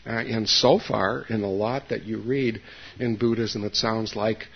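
An older man, a Zen meditation teacher, giving a dharma talk to a group in a halting, folksy way, with many fillers, restarts and asides to his listeners. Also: fairly low pitch, steady tone, gravelly, husky. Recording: dull lo-fi recording.

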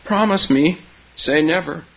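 A man's voice: a little high, wildly swooping pitch, slow pace, breathy edge, voice pushed up, exaggerated voice. An older man voicing a pleading little girl. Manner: pleading, insistent. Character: small eager girl pleading with grandmother. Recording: muffled recording with hiss.

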